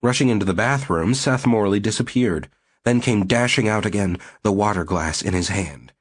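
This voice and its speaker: A man reading a novel aloud as audiobook narrator in a steady, measured way. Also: fairly low pitch. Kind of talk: scripted narration.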